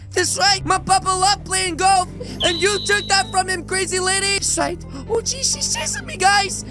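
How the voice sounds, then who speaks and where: A woman hosting game role-play commentary, dramatic and excitable, talking straight to viewers. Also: high-pitched. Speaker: host.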